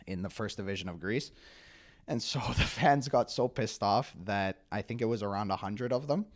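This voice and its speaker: A young man from Canada, a guest on an interview podcast, telling stories in a casual, animated way with lots of fillers. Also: fairly low pitch. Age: young adult. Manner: animated storytelling with many "like" fillers. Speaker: guest, pro soccer player.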